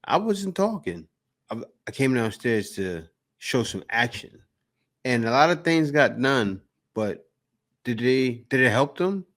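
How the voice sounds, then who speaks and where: A man hosting a reaction video, giving opinionated casual commentary in a lively, preachy way. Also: mid-range voice, a little slow.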